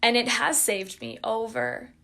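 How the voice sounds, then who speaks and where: A woman's voice: on the high side, big pitch swings, measured pace, pushed and bright. A woman talking casually and earnestly to her viewers, chatty and emphatic, at times openly emotional. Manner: gets openly emotional and laughs while talking. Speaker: online empath coach and group leader. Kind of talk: casual direct-to-camera talk to viewers.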